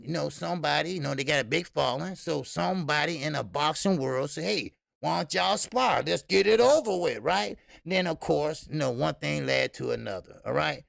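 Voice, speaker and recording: A man's voice: a little high, creaky, a bit bright, no room sound, clean studio sound. A man hosting a live boxing stream, greeting viewers and ranting casually with lots of fillers and profanity. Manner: loose, profane, rambling with many fillers. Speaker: boxing channel host.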